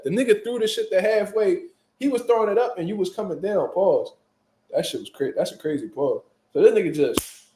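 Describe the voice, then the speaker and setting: A man telling a story in casual chat, animated and full of profane street slang. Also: high-pitched, roomy sound. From Philadelphia, US. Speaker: boxing show host.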